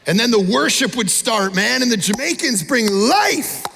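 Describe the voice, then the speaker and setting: High, gravelly preacher in a hall. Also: male voice, normal speed, slight background noise. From Canada. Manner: animated, shouting peaks, mimics people. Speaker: pastor. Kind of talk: energetic sermon. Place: large church auditorium. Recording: long hall reverb.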